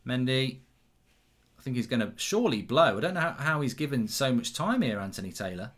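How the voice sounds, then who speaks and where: A man's voice: mid-range voice, sing-song, fast talker. A middle-aged man hosting a live football watchalong, chatting loosely, reacting to the match as it happens and reading out viewer comments.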